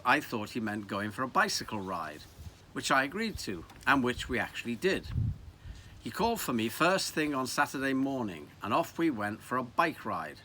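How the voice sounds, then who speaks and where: Wry old Liverpool storyteller. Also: male voice, medium pitch, pushed and bright, a little hiss or hum. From Liverpool, England. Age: 70s. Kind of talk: reminiscing narration.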